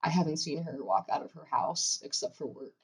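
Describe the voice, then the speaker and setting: A woman's voice: sits low, steady tone, fairly quick. A young woman co-hosting a podcast, telling a story in casual chat with frequent laughs. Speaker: podcast co-host.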